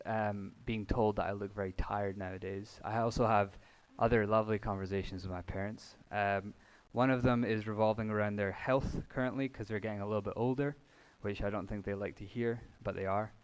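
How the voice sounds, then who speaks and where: Young male preacher, lowish voice, casual and humorous sermon delivery. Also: clean tone, low-quality recording. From United Kingdom. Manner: casual, joking, conversational storytelling. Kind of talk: sermon with scripture reading. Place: church hall.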